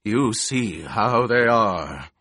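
Man doing a raspy, cornered old baron, slow, pleading. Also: fairly low pitch, expressive, pushed and bright, dry recording, studio quality, exaggerated voice. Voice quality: rasping. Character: scheming, frightened male baron, old and brutish.

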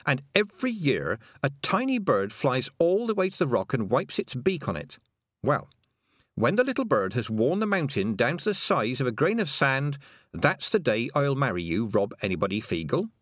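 A man reading aloud, voicing a stubborn young girl witch in an emphatic, high-pitched way. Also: sing-song, normal speed, dry recording, clean studio sound. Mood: cheerfully firm.

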